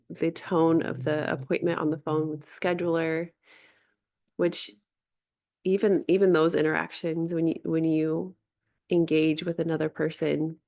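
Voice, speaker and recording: A middle-aged woman, a life coach, telling a reflective personal story earnestly, often restarting and pausing. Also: lowish voice, creaky, a little mellow. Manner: earnest, with frequent restarts and pauses.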